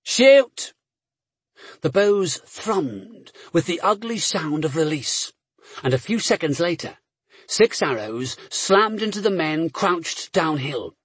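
A man's voice: fairly high pitch, expressive, takes it slowly, fairly bright tone, slightly rough, dry recording. A man reading a story aloud as an audiobook narrator with a dramatic, varied delivery.

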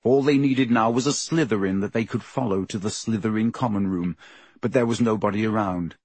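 A man narrating a storybook in a steady, measured reading. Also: on the low side, husky, dry recording. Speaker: audiobook narrator.

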